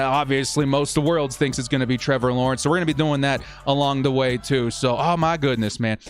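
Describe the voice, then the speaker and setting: A young man hosting a casual fan live stream, upbeat as he reads viewer comments and thanks supporters. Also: a little high.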